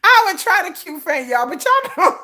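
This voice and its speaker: A woman hosts a casual fan livestream, rambling, laughing, and swearing freely with Southern-flavored slang as she talks to her chat. Her voice is very high-pitched and very animated, with a bright, forceful tone at normal speed.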